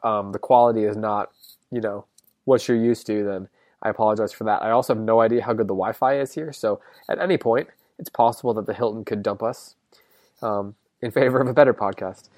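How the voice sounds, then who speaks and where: Give me a male podcast host with a lowish voice, talking casually and jokingly over a wired earbud headset, in a dry, close sound with no room echo. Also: fairly even intonation, brisk, a little mellow. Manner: joking, chatty, with filler words. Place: hotel room.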